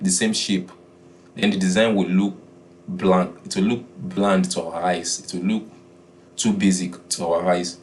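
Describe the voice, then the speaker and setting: A man teaching a beginners' design class, often repeating his key points and pausing with "uh". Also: deep voice, a little hiss or hum. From Nigeria. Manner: repeats key phrases, filler "uh". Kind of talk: classroom lesson.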